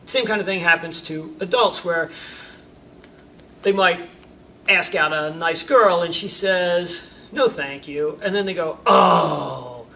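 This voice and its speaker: A man's voice: high voice, measured pace, long pauses. A man teaching as a karate instructor, talking informally to his students and acting out examples, recorded from a distance with faint background noise. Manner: animated storyteller, acts out examples. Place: karate school.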